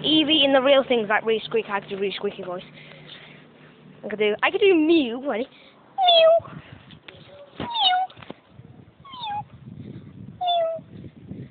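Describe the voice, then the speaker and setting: A young woman rambles cheerfully about the game as she walks, poking fun at herself and tossing in casual swears. Her voice sits a little high. The sound is thin and tinny like a phone line, with a faint hiss under it. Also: lively intonation, fast. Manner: chatty, self-mocking, swears casually. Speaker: vlogger. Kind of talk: casual commentary while playing a mobile game. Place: outdoors, walking around.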